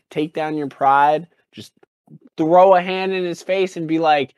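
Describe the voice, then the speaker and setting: A man's voice: fairly high pitch, little pitch movement, measured pace, darkish tone, clean tone, no room sound. A man co-hosting a comedy podcast, talking in an exaggerated way and spinning absurd jokes. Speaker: podcast co-host. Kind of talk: goofy comedic podcast banter.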